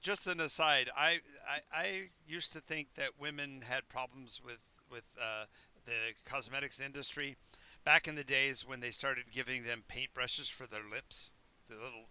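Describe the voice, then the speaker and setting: Male game master, bright and forward tone, chatty, stammering. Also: mid-range voice, fairly even intonation, moderate pace, clear, resonant tone. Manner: rambling, stammering asides. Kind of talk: narrating a tabletop game.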